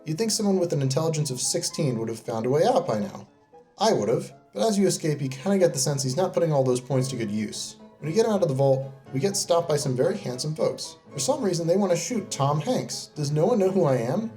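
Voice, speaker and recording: A man giving comedic scripted narration as a game reviewer, sarcastic and deadpan. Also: on the high side. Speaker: video creator reviewing game companions.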